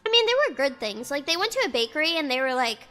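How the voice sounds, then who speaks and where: A woman's voice: high voice, very animated, fast, pushed and bright. A young woman ranting casually in a vlog, rambling with lots of "like" and swearing freely, with faint music in the background. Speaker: vlogger. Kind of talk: casual storytime rant. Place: indoors, outside noise audible.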